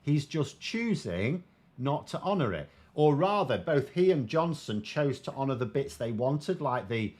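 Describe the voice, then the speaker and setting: A British political commentator and show host works through viewers' political questions in relaxed, chatty commentary. He's wry and sardonic, trailing off into frequent ums and restarts, with an ordinary middle-pitched voice and a slightly slow pace.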